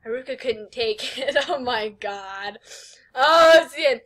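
A woman's voice: fairly high pitch, expressive, measured pace, fairly bright tone, poor audio. A young woman reading a fanfic aloud as a host, giggling often and breaking off with swearing exclamations. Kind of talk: casual comic read-along.

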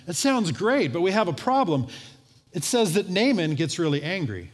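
Pastor preaching in a reverberant church. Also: male voice, on the high side, moderate pace. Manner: lively storytelling with acted-out voices. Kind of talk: sermon. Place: church sanctuary. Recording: long church hall reverb.

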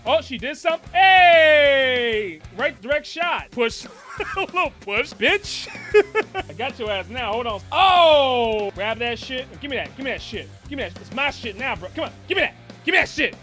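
A man with a very high voice reacts to a movie as he watches, excitable and profane, full of sudden exclamations. Faint music plays behind him. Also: normal speed. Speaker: movie reviewer. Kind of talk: live movie reaction commentary.

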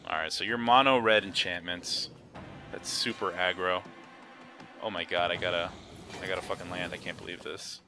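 A young man giving casual, excitable commentary on his own card game, swinging from low mutters to high yelps, laughing and swearing. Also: normal speed. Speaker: gaming video host.

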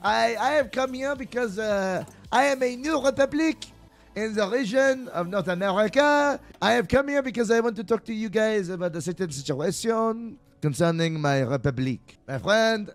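A man's voice: high voice, animated, moderate pace, faint music behind, pitched above the performer's own voice. A man roleplaying the formal, hesitant leader of a new republic in a game voice chat. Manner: formal, hesitant diplomatic speech.

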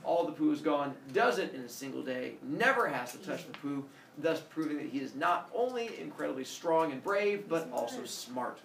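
Man, teacher, storytelling to class, gravelly voice, echoey room, distant mic. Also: a little high, normal speed, a little hiss or hum. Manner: animated, playful, asks the class questions.

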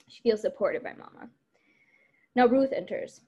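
A woman's voice: mid-range voice, normal speed, pauses often, warm tone, breathy edge. A woman teacher recapping and discussing a play in a casual way, thinking aloud with frequent ums.

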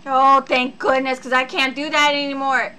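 A woman's voice: sits high, little pitch movement, normal speed, background noise. A woman streamer reacting to a horror game, jumpy and exclaiming, talking to herself as she plays. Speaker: gaming streamer. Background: game music.

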